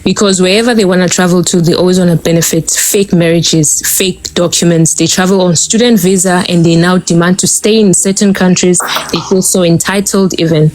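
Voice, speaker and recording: A woman's voice: fairly low pitch, steady tone, a little fast, darkish tone. A woman in an online audio discussion who insistently presses the same pointed question and then gives her own answer. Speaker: audio room participant.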